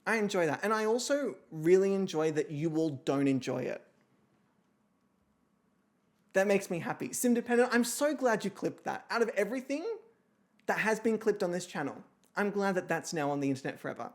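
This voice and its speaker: A woman's voice: medium pitch, lively intonation, brisk. A woman hosting a livestream, chatting casually and rambling, with frequent swearing. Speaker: streamer and host.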